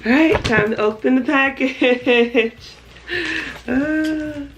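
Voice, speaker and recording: A woman's voice: high-pitched, slow pace, dull audio, very noisy. A woman vlogging at home, gushing and laughing as she unboxes a care package. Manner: excited, gushing, often laughing. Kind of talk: casual vlog unboxing.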